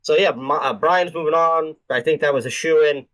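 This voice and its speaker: A man's voice: fairly high pitch, moderate pace, fairly bright tone, rough recording. A man co-hosting a podcast, recapping wrestling in casual chat, swearing freely and acting out what the wrestlers said. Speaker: podcast co-host.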